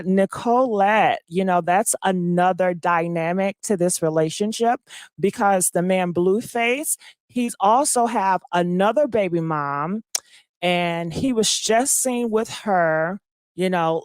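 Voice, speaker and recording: A woman hosting a casual live-stream gossip commentary, just woken up and low on energy, chatting directly to her viewers with plenty of fillers. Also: dry recording, clean studio sound.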